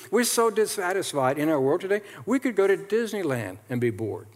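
Man, pastor, conversational sermon, slightly high voice, long echoing hall. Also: expressive, normal speed, hardly any pauses. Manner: conversational, acts out quoted complainers.

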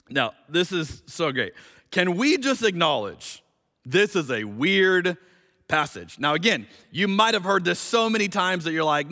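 A man preaching with a high, ringing voice, chatty and animated, then slowing down to read scripture with weight. His voice carries a long reverb, as if he is in a church hall. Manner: conversational, animated, reads scripture slowly and emphatically. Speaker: pastor. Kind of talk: sermon.

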